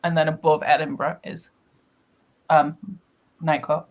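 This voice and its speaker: A woman's voice: low-pitched, level tone, a little slow, dull audio. A young woman with a Wigan accent, chatting casually and playfully on a reading stream, laughing often. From North West England. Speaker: co-host of a reading sprint stream. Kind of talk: casual chat.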